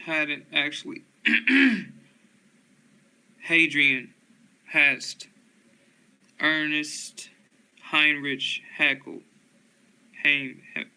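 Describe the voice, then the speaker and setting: A man reading dictionary entries aloud, slowly and flatly, one word after another. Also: fairly high pitch, smooth, rough recording. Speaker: dictionary reader.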